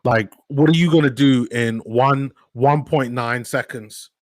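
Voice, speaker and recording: A man giving live play-by-play commentary as a fan on a watch-along stream, sighing in disbelief and getting loud when his team scores. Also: mid-range voice, measured pace, dry recording. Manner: excitable fan, swings from sighing disbelief to shouting.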